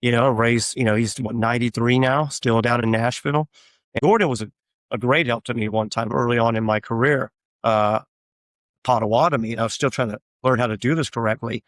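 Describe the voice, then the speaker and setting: In a casual interview chat, a tribute artist for a famous singer appears as a guest and tells rambling anecdotes full of fillers. His mid-range voice is steady and brisk. The sound is dry, close, and has no echo.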